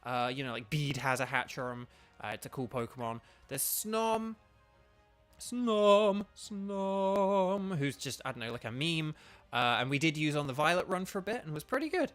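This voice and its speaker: A man's voice: medium pitch, expressive, fast, pushed and bright, soft background music. A young man talking casually to his live chat while playing a game, rambling with many fillers and restarts. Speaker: streamer and voice actor.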